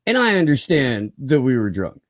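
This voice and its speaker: A man's voice: medium pitch, big pitch swings, moderate pace, no echo, clean studio sound. Crude joking male podcast host. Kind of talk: casual chat.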